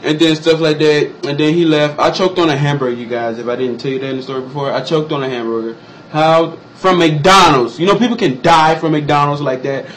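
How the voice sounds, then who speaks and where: A young man telling a personal story in casual vlog style, animated and acting out other people's lines in exaggerated high voices. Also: brisk, a little hiss or hum, rough recording. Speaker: vlogger.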